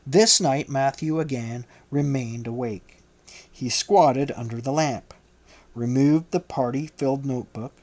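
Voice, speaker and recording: A man reading a novel aloud as an audiobook narrator, in a measured way. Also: medium pitch, darkish tone.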